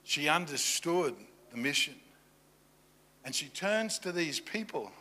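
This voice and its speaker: A man preaching a sermon, animated, moving from loud emphasis to hushed, intimate asides and acting out voices from the story. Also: a little high, takes it slowly, a little hiss or hum. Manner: acts out voices of people in the story. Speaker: pastor.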